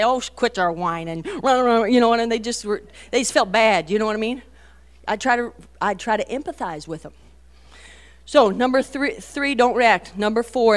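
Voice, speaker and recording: A middle-aged woman giving a folksy, animated talk to a women's meeting, storytelling with many asides. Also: medium pitch. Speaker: Christian women's speaker.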